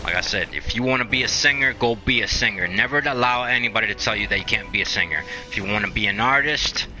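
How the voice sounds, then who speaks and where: Laid-back male gamer, somewhat deep voice, chatty and encouraging, filler-heavy, game music clearly audible behind. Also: fast. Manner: rambling, motivational, many fillers. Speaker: gaming channel host. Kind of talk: casual commentary while playing.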